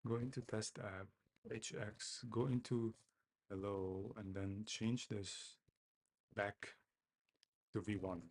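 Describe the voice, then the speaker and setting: There are long pauses as a man with a lowish, darkish voice slowly codes on a stream, keeping a steady tone. He mutters to himself and repeats phrases self-mockingly, offering casual live-coding commentary.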